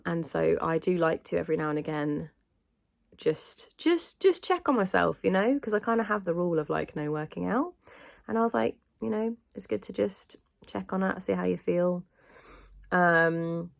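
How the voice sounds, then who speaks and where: A woman talks through a casual vlog, her voice lowish and edged with gravelly fry. She rambles and restarts with plenty of ums, sounding stuffy-nosed from hay fever. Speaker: vlogger.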